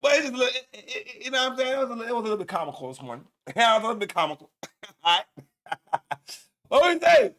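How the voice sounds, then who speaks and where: A man hosting a casual news commentary show, loud and profane, laughing often and repeating himself. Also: very high voice, very animated, fast, long pauses. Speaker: show host.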